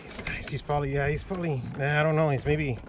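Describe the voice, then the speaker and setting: A man vlogging while fishing from a kayak, talking excitedly to viewers and swearing often. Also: fairly high pitch, fast talker, heavy background noise. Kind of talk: casual vlog narration. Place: on a kayak outdoors on the water.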